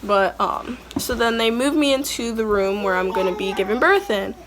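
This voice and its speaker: A woman's voice: medium pitch, animated, moderate pace, fairly bright tone, slight background noise. A young woman casually telling a story about her labor in a chatty, rambling way, sometimes breaking off to talk to her toddler. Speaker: vlogger telling a birth story.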